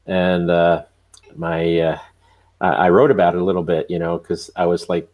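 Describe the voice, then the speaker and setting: A man with a lowish voice, a photographer guest on a podcast. He tells his stories with animated self-quotes and blunt swearing, pausing to restart his thoughts as he goes. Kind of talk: podcast interview storytelling.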